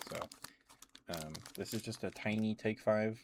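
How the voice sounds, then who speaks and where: A low-voiced man talks softly and close to the mic in a relaxed ASMR chat, chewing between thoughts. Gentle crinkles and keyboard clicks sit faintly behind his voice. His pitch stays lower than most men's. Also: a little slow, noisy background. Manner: soft, relaxed, eating while talking. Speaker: ASMR streamer. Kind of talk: soft-spoken ASMR chat.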